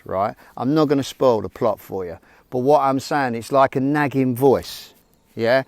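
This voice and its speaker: A man's voice: medium pitch, darkish tone, no echo. Frank, rambling male self-help vlogger. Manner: rambling, informal, frank, addresses viewers directly. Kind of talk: casual motivational talk to camera.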